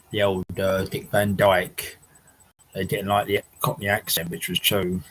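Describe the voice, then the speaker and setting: A man's voice: on the low side, a bit bright, husky, rough recording. A man hosting a casual livestream from his house, chatting with viewers in a rambling way, laughing often and swearing now and then. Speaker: livestream host. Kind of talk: casual chat reading viewer comments.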